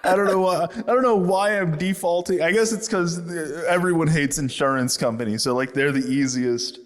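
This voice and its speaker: A man's voice: fairly high pitch, moderate pace. A man co-hosting a casual podcast, riffing on jokes with lots of laughter and swearing. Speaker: podcast co-host. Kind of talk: casual chat.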